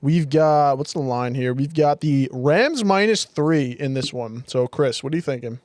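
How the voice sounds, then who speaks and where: A man co-hosting a casual sports podcast, laid-back and quick to laugh and swear. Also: medium pitch, darkish tone, no room sound. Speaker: podcast co-host.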